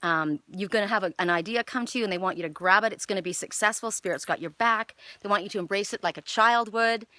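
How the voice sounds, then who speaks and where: Excitable middle-aged lady doing an oracle card reading outside, bright voice, dry close sound, lots of ums. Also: mid-range voice, quick pace, few pauses, no echo. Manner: chatty, excitable, lots of fillers. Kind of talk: casual spiritual card reading. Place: outdoors in the evening.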